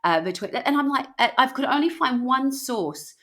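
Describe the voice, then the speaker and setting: A woman hosts a podcast and tells a story in casual chat. Her voice is bright and fairly high. She talks in an animated, laughing way, with lots of rise and fall in her pitch. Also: normal speed. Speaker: podcast host telling the story.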